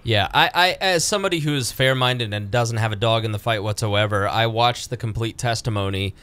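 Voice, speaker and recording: Smooth-voiced man hosting a political podcast. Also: fairly quick, fairly bright tone. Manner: sarcastic, mimics politicians in high voices. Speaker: podcast host. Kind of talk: casual political chat.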